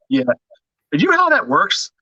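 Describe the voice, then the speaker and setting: A man talking as a podcast guest in casual chat, hesitant with many restarts and quick to laugh. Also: very high-pitched, huge pitch swings, pushed and bright, breathy edge, dry recording, dull audio.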